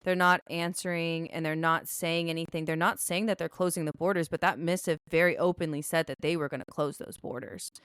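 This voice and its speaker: Woman podcast cohost, deep smooth voice, casual rambly book chat. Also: steady tone, fairly quick, few pauses, a bit bright, no room sound, studio quality. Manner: rambling, recaps the plot at length. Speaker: podcast co-host.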